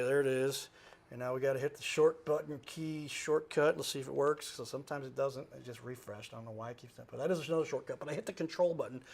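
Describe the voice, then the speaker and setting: A man's voice: medium pitch, vocal fry. A man, a talk show host who is a guest here, telling a story in a casual, rambling way, with many asides and self-corrections and some laughter. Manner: animated, jumps between asides and self-corrections; laughs while he talks.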